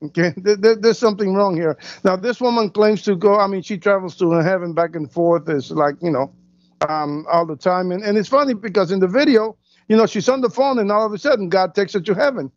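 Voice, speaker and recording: A man's voice: high-pitched, a little fast, no echo. A male co-host speaking in a dismissive, emphatic way during casual commentary. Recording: dull, dry lo-fi audio.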